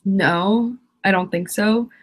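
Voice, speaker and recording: A woman's voice: medium pitch, takes it slowly. A teenage girl ranting on a live stream, exasperated and rambling, laughing often. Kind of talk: casual live-stream rant.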